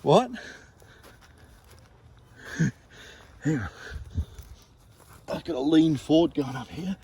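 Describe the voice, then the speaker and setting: A man's voice: on the high side, slow, mellow, slightly rough. A man vlogging outdoors on a steep hillside, huffing and puffing as he climbs. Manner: out of breath, huffing while climbing. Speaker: metal detecting vlogger. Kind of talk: casual outdoor vlog.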